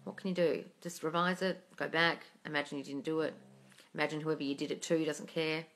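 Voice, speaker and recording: Bright, blunt, sweary woman hosting a live Q&A. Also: low voice, fairly even intonation, brisk. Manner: blunt and sweary, calls viewers darling. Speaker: manifesting coach and livestream host. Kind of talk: casual live Q&A, reading out viewer comments.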